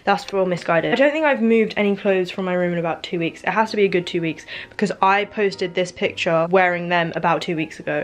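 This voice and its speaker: A woman's voice: fairly low pitch, fast talker, hardly any pauses, far from the mic, poor audio. A young British woman chatting casually through a clothing try-on haul, giggly and playful, breaking into little sung bits. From England. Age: young adult. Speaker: fashion vlogger.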